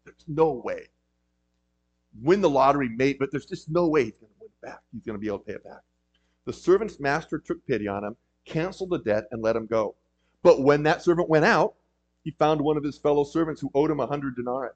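A man's voice: a little high, expressive, quick pace. A man preaching a sermon in a conversational way, with frequent ums and emphatic rises. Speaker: pastor. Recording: dull lo-fi recording.

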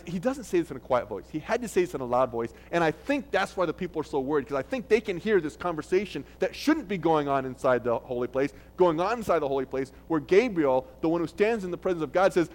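A male pastor delivers a sermon in an easy, conversational way. His voice sits a little high for a man. He restarts phrases often and gets louder when he quotes a text. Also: expressive, quick pace, few pauses. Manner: conversational preaching with restarts, loud when quoting.

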